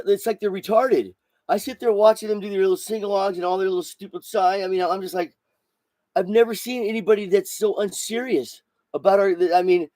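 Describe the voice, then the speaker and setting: A man's voice: high-pitched, a little mellow, no echo. A man hosting a solo podcast, ranting in a heated, profane way with many repeats and restarts. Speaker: podcast host.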